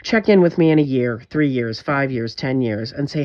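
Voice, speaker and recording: A woman's voice: extremely low pitch, fairly quick, hardly any pauses, darkish tone, lo-fi sound. A woman vlogger in a direct-to-camera monologue, talking in an intense, emphatic way, frustrated and swearing often.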